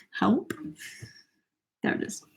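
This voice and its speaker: Slow-talking young English woman. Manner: relaxed, reads viewer comments aloud between songs. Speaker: livestreamer. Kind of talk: casual livestream chat.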